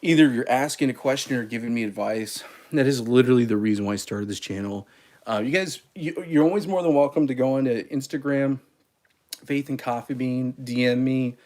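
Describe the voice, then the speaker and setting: A man hosting a casual coffee livestream, chatty and quick to laugh at his own mistakes. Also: medium pitch, a little mellow. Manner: self-deprecating, chatty, laughs at himself. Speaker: coffee channel host. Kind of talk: casual livestream chat while making espresso.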